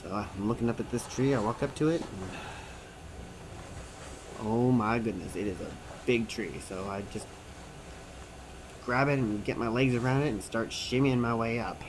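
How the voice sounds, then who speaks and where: A man voicing a signed personal story as an interpreter, animated and acting out the quotes and sounds. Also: mid-range voice, moderate pace, pauses often, background noise. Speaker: sign-to-voice interpreter.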